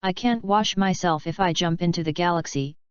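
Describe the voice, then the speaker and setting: A woman's voice: lowish voice, brisk, clear, resonant tone, dry recording, close to an everyday voice. Woman reading a shrewd, musing fighter. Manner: musing, inner monologue. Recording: dull lo-fi audio.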